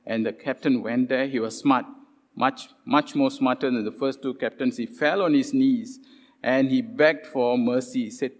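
A man delivering a sermon with a voice of middling pitch, heard in a large hall where his words ring out with a long reverb tail. He retells scripture stories casually, slipping into animated voices for the characters and pausing often on "uh". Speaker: preacher.

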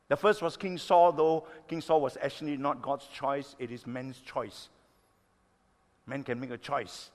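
A pastor in his sixties preaching a sermon, emphatic, stretching key words slowly and swinging between loud and soft. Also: a little high. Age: 60s. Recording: long reverb of a hall.

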